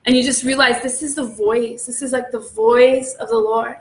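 A woman leading a devotional meditation, often exclaiming in awe and laughing softly. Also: a little high, steady tone, normal speed, reverberant. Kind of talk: devotional teaching.

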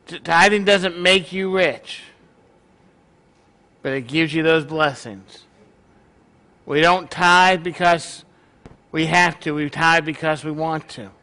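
A man's voice: fairly high pitch, slow, long pauses, pushed and bright. A male pastor preaching a sermon in a joking, conversational way to his congregation.

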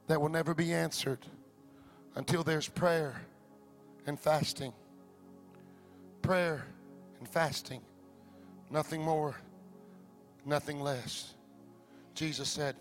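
A male pastor preaching a sermon, swinging from shouted, sung-out cadences to low hushed passages. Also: fairly even intonation, slow, gravelly, long pauses, soft background music.

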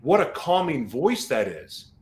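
A man's voice: on the high side, very animated, measured pace, a little hiss or hum. Reflective man's voice in an echoey room. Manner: reflective, searching, lots of fillers. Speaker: host. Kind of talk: faith podcast conversation.

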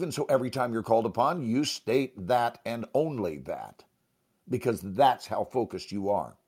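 A man's voice: medium pitch, darkish tone, slightly rough. A man, an actor and teacher, telling a motivational story as a guest. He speaks emphatically and acts out the dialogue.

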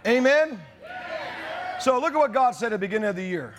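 A man preaching a fiery sermon, shouting and rising to outrage. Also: very high voice, lively intonation, brisk, crowd noise, background noise. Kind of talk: charismatic sermon.

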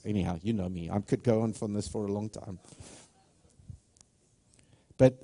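A man's voice: lowish voice, sing-song, normal speed, long pauses, warm tone. A man preaching a sermon with passion, stressing his points and often restarting his sentences. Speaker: pastor.

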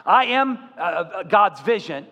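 A man preaching a sermon as pastor, telling stories with animated voices. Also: sits high, slow pace, in a large hall, muffled recording. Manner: animated storytelling, acting out voices.

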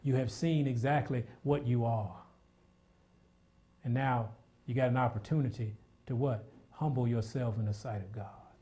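A male preacher delivering a sermon in a warm, relaxed-toned voice. He swells into loud, rapid exhortation, stumbling over repeated words, then sinks to soft, intimate prayer. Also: medium pitch. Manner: repeats words when worked up.

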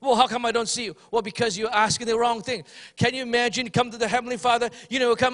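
A man's voice: very high voice, level tone, fast, hardly any pauses, a bit bright, big-room sound. A male pastor preaching a Sunday sermon, fervent and repetitive, calling on the congregation to respond. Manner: fervent, repetitive, mimics pleading prayers.

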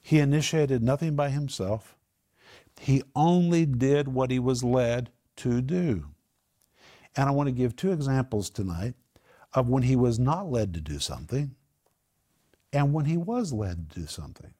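A man preaching a sermon, animated, acting out the voices of the people in the story as he tells it. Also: mid-range voice, a little slow.

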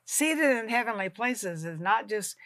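Female co-host, exhorting and encouraging, bright tone, dry close sound. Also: on the high side, expressive, unhurried, no echo. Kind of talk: faith talk show conversation.

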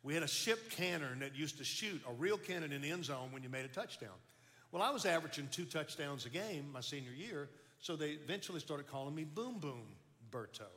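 This older Louisiana man, from Baton Rouge, speaks his testimony briskly in a bright, fairly high voice. Animated and homespun, he circles back and repeats words on restarts, while the hall around him rings with long echo.

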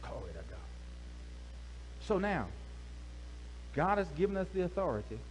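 A male pastor preaching a lively sermon, calling out to the congregation with casual slang. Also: high-pitched, normal speed. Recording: echoey hall, faint hum.

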